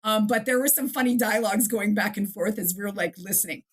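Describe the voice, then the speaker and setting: Woman, middle-aged, from the Detroit area, animated storyteller, laughs often, interview guest. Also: mid-range voice, a little fast, husky. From Detroit area, USA. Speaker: author and guest. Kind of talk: casual interview chat.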